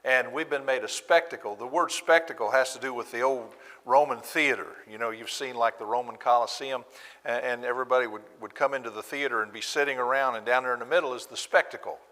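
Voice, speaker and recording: A man teaching a sermon with a bright, forceful voice. He talks in an animated way and acts out sarcastic quotes with relish. The sound carries a long reverb from the church room. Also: medium pitch, quick pace. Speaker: preacher. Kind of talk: bible class sermon.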